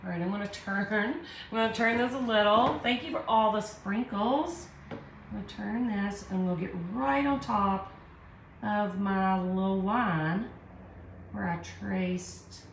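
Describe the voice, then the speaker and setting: A woman's voice: mid-range voice, a little slow, vocal fry, slight background noise. A woman with a Southern US accent hosting a live art tutorial, chatting with viewers and talking herself through each step in a self-deprecating way. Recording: echoey room.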